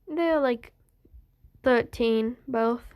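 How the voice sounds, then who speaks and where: A woman's voice: on the high side, very slow, darkish tone, clean tone. A young woman casually telling a fan story, rambling with many fillers and restarts.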